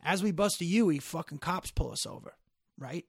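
Animated profane man telling a story. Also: fairly high pitch, normal speed, creaky, husky, no echo, studio quality. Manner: animated, profane, rising loud when worked up. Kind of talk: casual storytelling chat.

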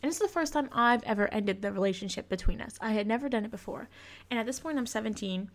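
A woman's voice: a little high, fast talker. A young woman hosting a podcast, telling a personal story in a frank, confessional way and swearing freely. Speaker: podcast host.

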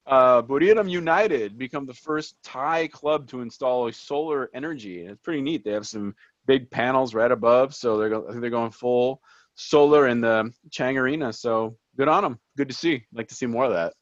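A man whose first language is Portuguese, co-hosting a podcast and telling stories in a chatty, animated way with lots of restarts. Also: mid-range voice, normal speed, no room sound. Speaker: podcast co-host. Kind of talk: casual chat. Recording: dull, dry lo-fi sound.

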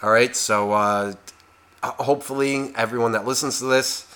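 Ranting, foul-mouthed man with a bright voice. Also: medium pitch, fairly even intonation, moderate pace. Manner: swears constantly, rants, works himself up. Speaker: podcast co-host. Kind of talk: profane casual chat.

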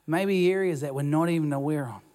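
A pastor with a New Zealand accent delivers a sermon into a stage microphone in a church. His voice sits somewhat high for a man, and he talks in a loose, conversational way, often restarting his sentences and poking fun at himself. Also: fairly quick, a little mellow. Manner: conversational, self-deprecating preaching with restarts. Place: church auditorium.

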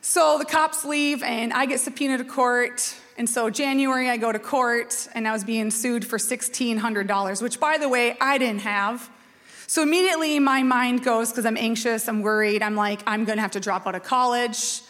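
A woman in her forties from Minnesota, a pastor telling a personal story in a lively, chatty, self-mocking sermon. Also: fairly high pitch, moderate pace. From Minnesota, USA. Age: 40s. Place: church sanctuary. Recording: long reverb of a church hall.

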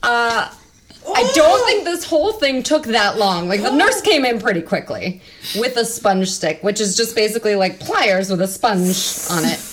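A woman in her thirties telling a personal story on a podcast, animated and laughing, swearing freely and acting out what people said. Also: on the high side, normal speed. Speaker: storyteller guest.

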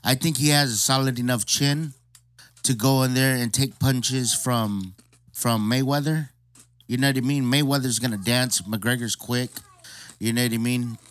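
A man's voice: mid-range voice, steady tone, normal speed, fairly bright tone, no room sound. Laid-back man in casual chat. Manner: laid-back, says "you know what I mean" and "dude" often.

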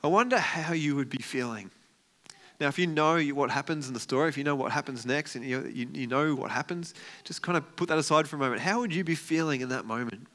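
A man's voice: fairly high pitch, fast talker. A man preaching a casual, storytelling sermon as a pastor, acting out the characters' lines with energy. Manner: conversational, animated storytelling with acted-out quotes.

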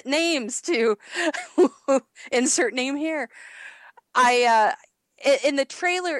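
Brief: a woman co-host, chatty and giggly, pitched a bit high, recorded dry and close. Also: a bit bright, smooth, dry recording. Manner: rambling, laughing often, many restarts. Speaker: podcast co-host. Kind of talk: casual chat.

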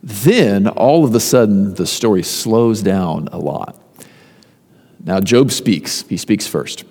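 A man preaching a sermon, retelling a story conversationally with emphatic lists and pauses. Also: fairly low pitch, animated, a little mellow, slightly rough. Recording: long reverb of a large hall.

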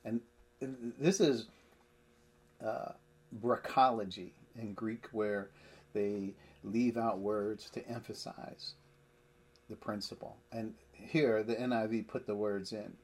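A man leads a Bible study with a husky, slightly breathy voice. He speaks emphatically, reading verses and explaining them with everyday examples. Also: fairly low pitch, steady tone, takes it slowly. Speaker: Bible teacher.

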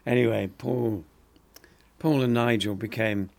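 Older man with a gravelly voice. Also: mid-range voice, unhurried, no room sound. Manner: animated storyteller, acts out quoted voices, laughs often. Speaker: actor guest. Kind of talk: anecdotal interview storytelling.

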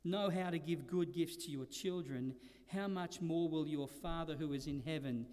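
A man with a high voice preaches a sermon, slowing to hammer home key words and dropping low and quiet between peaks. His voice rings out with a long hall reverb behind it. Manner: preaching with slow emphatic stresses and dynamic swings. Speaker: pastor.

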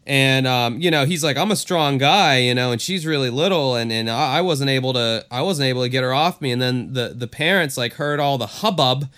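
A man chats casually as a podcast co-host, drifting through filler words as he recaps. His voice is crisp and resonant. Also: medium pitch, a little fast, few pauses, fairly bright tone. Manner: rambling, filler-heavy, often says "like". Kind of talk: casual chat recapping a TV episode.

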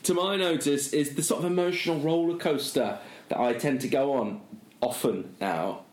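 A man's voice: a little high, normal speed, echoey room. A middle-aged man, co-hosting a casual chat and telling a long self-mocking story, full of fillers. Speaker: podcast co-host.

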